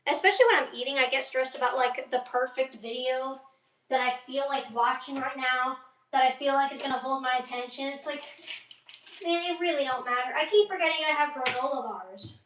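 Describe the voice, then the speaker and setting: A woman's voice: sits high, fairly even intonation, brisk, fairly bright tone, reverberant, far from the mic, slight background noise. A young woman streaming from her kitchen, rambling and talking to herself as she cooks and eats, swearing casually. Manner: rambling, talks to herself while cooking and eating. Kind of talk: casual livestream chat.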